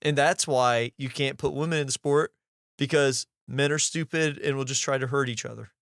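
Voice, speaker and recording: A man co-hosting a podcast in casual chat, animated and swearing freely as he presses with questions. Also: medium pitch, normal speed, creaky, dry recording, studio quality. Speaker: podcast co-host.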